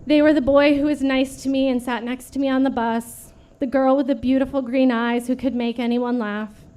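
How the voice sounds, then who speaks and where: A woman in her late thirties giving an earnest prepared memorial speech at a vigil, steady and read from a script. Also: sits high, moderate pace, smooth. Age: late 30s. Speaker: vigil speaker.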